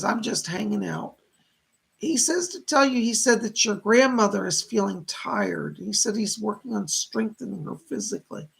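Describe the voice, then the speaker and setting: A man's voice: high voice, gravelly, fairly bright tone, breathy edge. A middle-aged man hosting a live stream of psychic readings, gushing as he thanks viewers by name. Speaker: psychic medium host.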